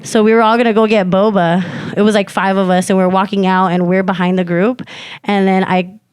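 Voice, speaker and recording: A woman's voice: mid-range voice, a little fast, clean tone, dry recording. A young woman and podcast co-host telling a story in casual slangy chat, acting out quotes and using lots of fillers. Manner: animated, slangy, many fillers, acts out quotes.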